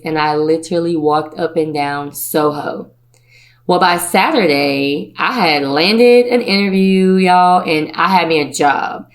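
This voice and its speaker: Chatty, low-voiced woman telling stories. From Virginia, USA. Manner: playful, chatty, often puts on the voices of relatives. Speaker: podcast host. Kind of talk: personal storytelling monologue.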